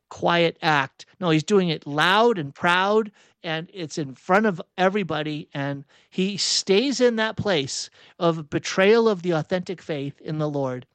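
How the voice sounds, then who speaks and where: A man preaching a sermon, reflective and halting, often restarting and correcting himself mid-sentence. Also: sits high, dry recording.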